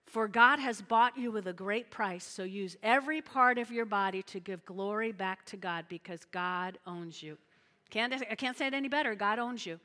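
A woman pastor preaching a sermon in an animated, chatty way, often checking in with her listeners. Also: medium pitch, moderate pace, long reverb tail.

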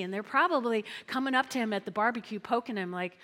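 A middle-aged woman pastor preaching an animated sermon in a church, repeating phrases and acting out voices. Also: on the high side, fast, few pauses, in a large hall. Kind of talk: lively sermon with acted-out quotes.

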